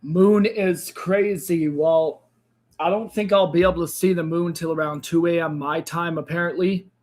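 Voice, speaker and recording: A man with a fairly high voice hosts a live trading stream at his desk. He talks through the charts in loose, casual commentary, often changing his mind mid-sentence. His voice sounds a little worn, as if he is losing it. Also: steady tone, moderate pace. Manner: thinks aloud, second-guesses himself mid-sentence. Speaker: crypto trading livestream host.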